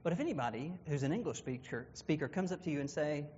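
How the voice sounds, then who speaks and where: A man's voice: on the high side, animated, fast talker, a little mellow, slight background noise. A man teaching a Bible class, explaining in a conversational way and correcting himself as he goes. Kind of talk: classroom lesson with visual aids. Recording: dull, reverberant room recording.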